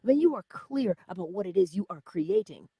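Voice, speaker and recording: A middle-aged woman hosting a spiritual self-help livestream, talking casually and animatedly, jumping from loud exclamations to whispers. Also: mid-range voice, animated, fairly quick, husky, no room sound. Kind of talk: casual motivational talk.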